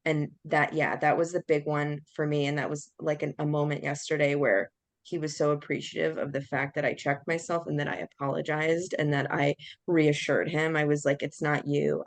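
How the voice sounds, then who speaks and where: A woman's voice: sits low, fairly even intonation, moderate pace, no echo. A young adult woman hosting a podcast, candidly telling a personal story in casual chat and acting out the quotes. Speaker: podcast host.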